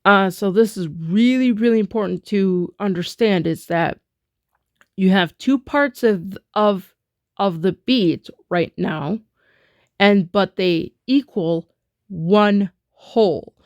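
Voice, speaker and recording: A woman's voice: medium pitch, takes it slowly, a little mellow, dry recording, clean studio sound. A woman teaching music rhythm, patient and explanatory, with frequent fillers and restarts. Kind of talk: slow instructional explanation.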